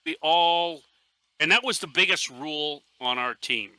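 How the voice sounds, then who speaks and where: Bright-voiced animated storyteller man. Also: on the high side, unhurried, smooth, dry recording. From Northeastern Pennsylvania. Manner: animated storyteller, acts out quotes with laughs. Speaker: podcast guest, airsoft team leader. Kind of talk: casual podcast chat.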